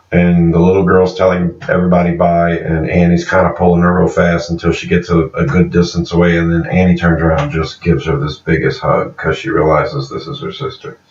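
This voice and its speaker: Low-voiced man rambling through a recap. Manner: rambling, with frequent fillers and restarts, laughing often. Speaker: TV series reviewer. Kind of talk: casual episode recap. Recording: echoey room, distant mic, dull sound.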